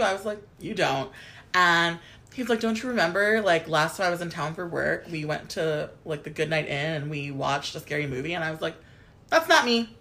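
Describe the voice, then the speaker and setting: A woman's voice: on the low side, gravelly, fairly bright tone. A young adult woman co-hosting a casual chat podcast, telling stories with plenty of swearing and laughter. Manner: storytelling, swears freely, laughs often. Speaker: podcast co-host.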